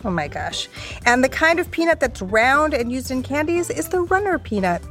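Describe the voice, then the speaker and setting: A woman's voice: high-pitched, big pitch swings, moderate pace, a bit bright, faint music behind. A woman hosting a podcast game show in a bubbly, playful way. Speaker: quiz show host.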